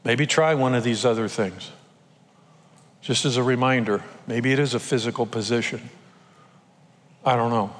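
A man's voice: medium pitch, moderate pace, long pauses. An older man, a pastor, preaching a conversational sermon and acting out little quotes, sometimes emotional. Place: church auditorium. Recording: long hall reverb.

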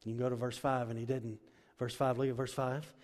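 Brief: male pastor, mid-pitched, earnest and emphatic, long church-hall reverb. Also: little pitch movement, a little fast, darkish tone. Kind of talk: sermon. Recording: echoey hall.

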